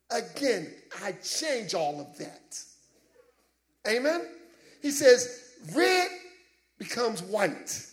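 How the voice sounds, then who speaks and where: A male preacher with a high, lively voice that swings up and down as he drives his points home. He talks at an unhurried pace in a loose, conversational sermon style, with laughing asides and calls for amens. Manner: animated, laughing asides, asks congregation "Amen?".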